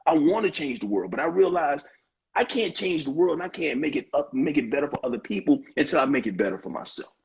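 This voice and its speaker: A man in his fifties with a very raspy, gravelly voice, speaking earnestly and with heartfelt emphasis. He restarts and repeats phrases as he works through his points. The sound is dull and lo-fi, like a streamed interview. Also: on the high side, very animated, fast talker. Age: 50s. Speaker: interview guest, author. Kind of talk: earnest conversational interview talk. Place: online live-stream interview.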